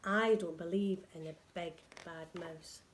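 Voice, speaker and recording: A woman voicing a young female gruffalo who is curious and brave, in an excited storybook voice. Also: fairly low pitch, unhurried, a little hiss or hum, voice pushed down, natural voice. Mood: bold.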